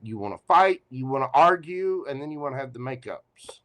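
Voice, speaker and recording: A man's voice: medium pitch, expressive, fairly quick, a bit bright. A man giving a live tarot reading, teasing and playful as he talks straight to the listener. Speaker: tarot reader.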